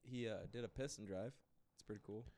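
A man's voice: fairly low pitch, a little fast, a little mellow, no room sound. A young man co-hosting a podcast, chatting casually in a teasing, crude, playful manner. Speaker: podcast co-host. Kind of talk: casual chat.

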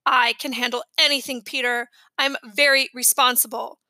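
A woman's voice: high-pitched, fairly even intonation, moderate pace, pushed and bright, dry recording, exaggerated voice. A woman reading aloud, voicing a bossy, self-assured preteen girl babysitter in a storybook. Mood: prim. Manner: confident, prim, self-assured.

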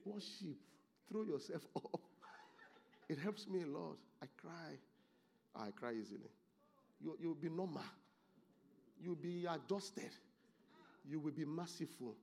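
Man, pastor, sermon, animated, slightly high voice, quiet asides and loud exclamations. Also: a little slow, creaky, long pauses.

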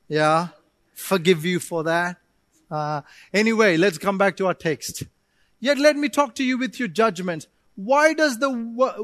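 A man pastor preaching a sermon, animated, with playful asides and acted-out prayers to God. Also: a little high, dry recording, studio quality.

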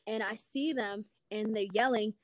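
A woman's voice: medium pitch, steady tone, unhurried. A young woman in casual chat, telling a personal story frankly, with plenty of swearing and filler words. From Minnesota.

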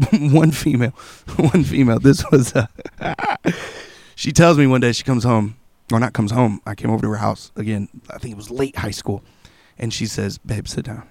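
A young man in casual chat, telling profane, animated stories and acting out what people said. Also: mid-range voice, moderate pace, no echo. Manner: profane, animated storytelling with acted-out quotes.

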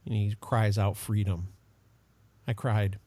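A man co-hosting a podcast, chatting casually in an animated, joking way. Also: mid-range voice, moderate pace. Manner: animated, joking, self-deprecating. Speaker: podcast co-host. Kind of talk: casual chat.

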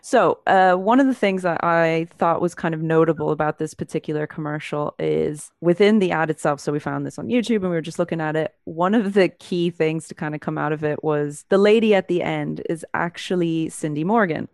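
A woman's voice: sits low, darkish tone, no echo, clean studio sound. A woman co-hosting a casual podcast. She chats loosely with lots of fillers and laughs. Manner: chatty, laughs often, many fillers. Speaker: podcast co-host. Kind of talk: casual chat.

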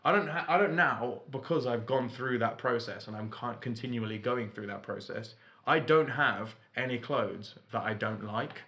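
An upbeat young man talking on a podcast, lively and full of jokes. His voice sits at an ordinary middle pitch for a man, and he keeps a loose, rambling flow of chat. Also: moderate pace. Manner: energetic, chatty, jokey. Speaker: podcast host. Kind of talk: casual chat.

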